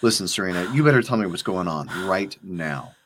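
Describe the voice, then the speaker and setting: Casting: man reading a nervous nerdy analyst, low and flustered. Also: expressive, brisk, a bit bright, slight background noise. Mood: pressing. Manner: flustered, incredulous questions.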